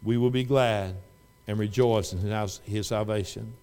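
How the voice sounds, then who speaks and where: A middle-aged man preaching a sermon in a church, folksy, swinging from loud fervent exhortation to quiet storytelling. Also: fairly low pitch, steady tone, measured pace, clear, resonant tone. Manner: folksy, repeats and restarts phrases.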